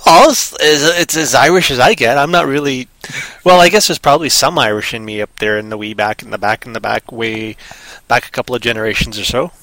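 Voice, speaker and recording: Bright-voiced joking Canadian man. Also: medium pitch, a little fast, no room sound, low-quality recording. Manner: playful, jokey, bursts into put-on voices. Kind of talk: casual comedic chat.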